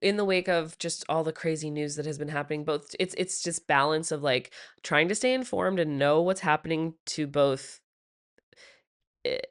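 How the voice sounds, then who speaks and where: A woman's voice: sits low, moderate pace, smooth. A woman hosting a casual podcast interview, laughing easily and swearing offhandedly as she talks. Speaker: podcast host.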